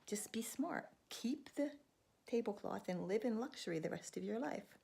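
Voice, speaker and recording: A woman voicing a sensible brother giving hushed, cautious advice in a husky voice. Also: mid-range voice, animated, moderate pace. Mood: cautioning.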